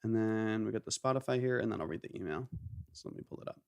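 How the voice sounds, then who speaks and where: A man hosting a live stream in casual chat, upbeat and quick to praise. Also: fairly low pitch, expressive, vocal fry, darkish tone, clean tone. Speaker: live stream host reviewing music submissions.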